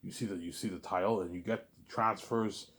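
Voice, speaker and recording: In a deep voice at normal speed, an excitable man who hosts a listening series delivers a rambling casual monologue. He often repeats words and restarts, frequently throwing in "you know what I'm saying."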